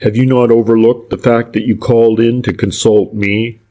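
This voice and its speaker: A man's voice: medium pitch, little pitch movement, normal speed, warm tone, muffled recording, lightly acted. A man voicing a furtive, civil private detective in an audiobook, speaking in a polite, deferential and roundabout way. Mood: sly. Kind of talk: audiobook character reading.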